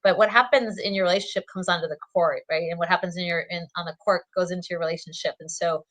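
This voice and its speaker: A lower-voiced woman chats as a podcast guest. She talks casually and laughs often. She fills her speech with likes and you-knows. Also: steady tone, quick pace, fairly bright tone. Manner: chatty, laughs often, many fillers. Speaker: guest, therapist and co-author.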